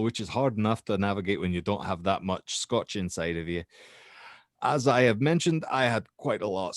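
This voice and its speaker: A young Scottish university student recounts a strange night, halting and restarting as he goes, with a man putting on the accent. The voice sits a little low. The sound is dry and close. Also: no echo, natural voice. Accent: put-on Scottish. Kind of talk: dramatic reading of a horror statement.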